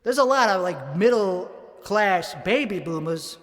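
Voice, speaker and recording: Man, high voice, put-on accent, profane, rambling, self-critical, solo comedy monologue, home studio. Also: animated, unhurried, big-room sound. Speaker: comedian working out bits.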